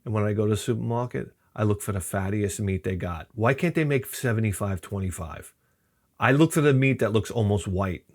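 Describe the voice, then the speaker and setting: A man's voice: fairly low pitch, brisk, darkish tone. A middle-aged man telling rambling, profane comic stories and acting out quoted people in other voices. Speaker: channel host. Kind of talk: rambling comedic storytelling.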